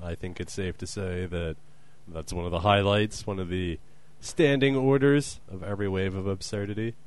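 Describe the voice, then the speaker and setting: A man's voice: deep voice, moderate pace, dry recording. A young man co-hosting a comedy podcast, dry and exasperated. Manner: theatrical, sing-song intro then dry exasperation. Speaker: podcast co-host. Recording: music bed behind.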